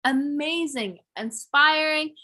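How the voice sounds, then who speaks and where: Enthusiastic bright-voiced teen girl host. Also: sits high, slow. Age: teens. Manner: gushing, enthusiastic. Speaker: talk show host. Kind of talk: casual show introduction.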